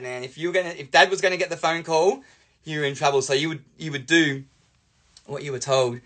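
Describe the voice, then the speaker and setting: A man's voice: on the high side, a little fast. Playful Australian man telling a story. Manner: animated, playful. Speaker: life coach. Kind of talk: storytelling monologue.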